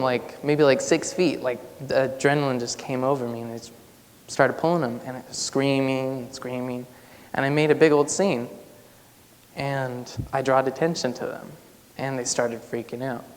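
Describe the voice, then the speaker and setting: A young male student on stage tells a personal story in a casual style, with a lot of "like" fillers. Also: mid-range voice. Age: young adult. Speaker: student speaker. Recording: long hall reverb, faint noise.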